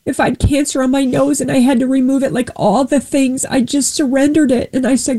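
A woman giving an earnest Christian testimony, retelling a Bible story with lively quoted voices. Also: high voice, brisk, few pauses, low-quality recording. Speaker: guest sharing faith testimony.

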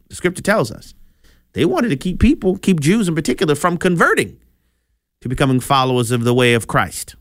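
A man preaching a sermon, in a conversational style with animated asides. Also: a little high, dry recording, studio quality.

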